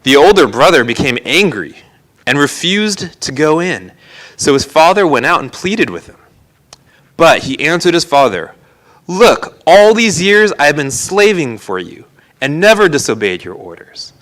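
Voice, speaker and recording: A man's voice: a little high, very animated, measured pace, a bit bright, poor audio. A man, a pastor, preaching a sermon in a live-streamed church service and retelling a parable with earnest storytelling. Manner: earnest storytelling preacher, voicing characters in quotes.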